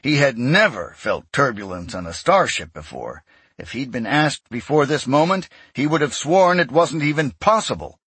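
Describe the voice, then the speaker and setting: A man narrating a science fiction audiobook in a steady, measured storytelling voice. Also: mid-range voice, slightly rough, dry recording. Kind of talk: scripted narration.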